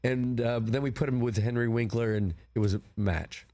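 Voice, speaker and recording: A man's voice: mid-range voice, moderate pace. An older man, a film producer, telling rambling stories as a studio guest. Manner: rambling anecdotes, animated quoting. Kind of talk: casual interview storytelling. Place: broadcast studio.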